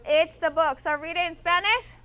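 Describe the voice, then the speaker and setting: A woman's voice: extremely high pitch, normal speed, a bit bright. A woman teaching a Spanish class, patient, checking often that students follow. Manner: patient, repeats and checks understanding with "okay?".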